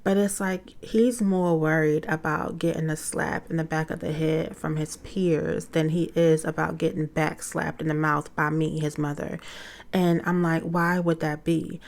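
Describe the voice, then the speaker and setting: A woman's voice: sits low, a little slow, vocal fry. A woman in her thirties hosting a casual talk, candidly telling a story about her teenage son and acting out quoted lines. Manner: candid, animated, acts out quotes in conversation. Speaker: podcast host, mother of a teen.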